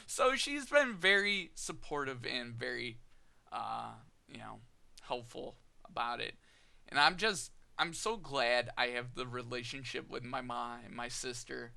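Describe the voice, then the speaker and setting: A young man chats candidly through a personal story on his vlog, taking his time over every phrase. His voice is gravelly yet very bright and forward, and he acts out both sides of the remembered conversations. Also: medium pitch, animated, a little slow. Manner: candid, chatty, laughs often while telling a story. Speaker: vlogger.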